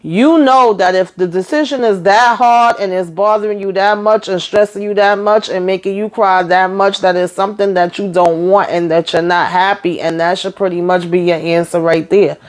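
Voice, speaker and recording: A woman's voice: medium pitch, fairly even intonation, moderate pace, few pauses. A woman recapping a reality show in a blunt, exasperated, casual way, peppered with salty slang.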